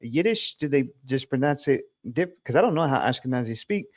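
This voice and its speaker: A man's voice: medium pitch, animated, a little fast. A man interrupting a class to ask a question, apologizing for cutting in.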